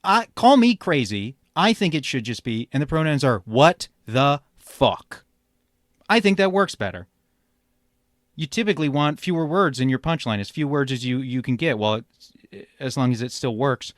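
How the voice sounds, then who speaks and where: A man hosting a reaction commentary show, ranting sarcastically and swearing, jumping from loud outbursts to low mutters. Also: animated, normal speed, no room sound, studio quality. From immigrant. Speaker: commentary podcast host.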